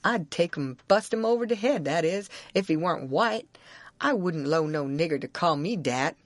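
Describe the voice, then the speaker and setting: A woman's voice: lowish voice, expressive, normal speed, dry recording, close to an everyday voice. A woman doing a stubborn Southern runaway man. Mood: indignant. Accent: Southern American. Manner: heavy rural dialect, insistent and indignant.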